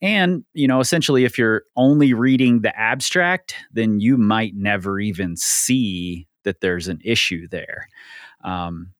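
A man's voice: lowish voice, unhurried, no room sound, clean studio sound. A man hosting a podcast, explaining things earnestly with frequent ums and easy laughs. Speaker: podcast host. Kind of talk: casual podcast discussion.

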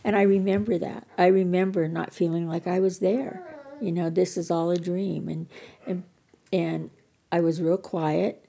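Older woman guest, heavy vocal fry, low voice, candid self-deprecating storyteller. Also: steady tone, normal speed, dark tone. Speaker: podcast guest. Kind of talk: personal recovery story.

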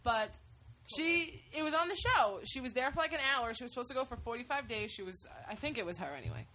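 Fast-talking young woman in group chat. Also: on the high side, animated, bright, forceful tone, a little hiss or hum. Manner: chatty, swears casually, talks over others. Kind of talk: casual chat. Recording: crowded room with overlapping voices.

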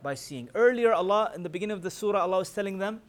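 Male religious teacher, slightly high voice, rapid recitation, keeps quizzing the room. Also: lively intonation. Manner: quizzes listeners with rhetorical questions; recites scripture in rapid chanting. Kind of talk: Quran commentary class.

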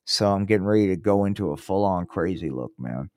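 A man's voice: sits low, animated, brisk, darkish tone, no room sound, clean studio sound. An older man hosting a podcast, rambling through a casual, profane monologue full of restarts. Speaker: podcast host. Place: Colorado.

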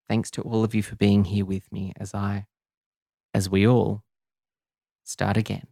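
A man narrating a first-person audio serial in a quiet, confessional, measured way. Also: fairly low pitch, gravelly, no room sound, studio quality. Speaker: narrator and writer.

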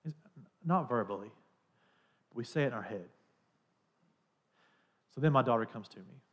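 A man's voice: medium pitch, lively intonation, normal speed, breathy edge. A man in his thirties or forties preaching a sermon in a conversational, storytelling manner. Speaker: pastor.

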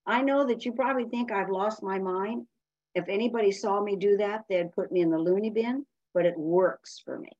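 A woman's voice: medium pitch, normal speed, darkish tone, no room sound, lo-fi sound. A woman giving a blunt, emphatic personal share as a speaker at a recovery meeting.

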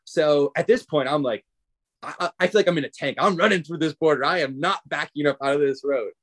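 A man's voice: a little high, a little fast. Man telling a story in casual chat. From United States. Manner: animated, acts out others' lines in quotes. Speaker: podcast guest.

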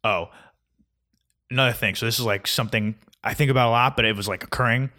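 A man's voice: mid-range voice, fast, pushed and bright. A man in his twenties ranting casually about his weekend in a sarcastic, mocking way, with many fillers. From New Jersey. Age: 20s. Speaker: vlogger.

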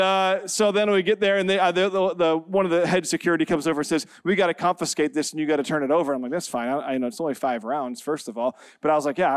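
A man's voice: high voice, smooth, no echo, studio quality. A man in his forties, a pastor, opening his sermon with a funny personal story before reading scripture and praying. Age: 40s. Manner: humorous, self-deprecating storytelling, laughing often.

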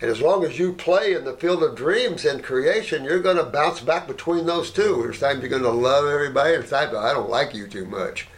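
A man who runs an herbal clinic, talking casually and rambling through anecdotes, often tagging "you know" and "right?", and growing animated as he tells them. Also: brisk, few pauses. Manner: animated, jumps up in pitch when telling stories.

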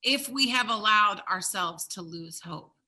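A woman preaching a sermon with emphatic stresses, swinging from loud, ringing peaks to hushed, low tones. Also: lively intonation, a little slow, poor audio.

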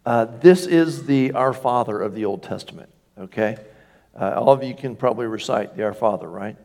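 A man's voice: mid-range voice, moderate pace, gravelly, darkish tone. A man preaching a sermon in a church, emphatic, lifting his voice on key phrases and asking the congregation for agreement. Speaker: pastor.

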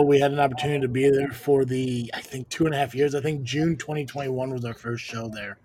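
A man's voice: medium pitch, fairly even intonation, fairly quick, hardly any pauses, a little mellow. A man hosting a casual live-stream podcast chat, joking and exasperated. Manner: joking, exasperated, mutters "Jesus". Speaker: podcast host and wrestling commentator.

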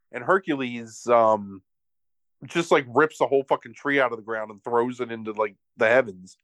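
A man's voice: mid-range voice, normal speed, dry recording. A young man hosting a podcast, animatedly retelling a film with profanity and acted-out voices. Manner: animated, profane, acts out characters. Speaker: podcast host. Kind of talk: casual chat, comic movie recap.

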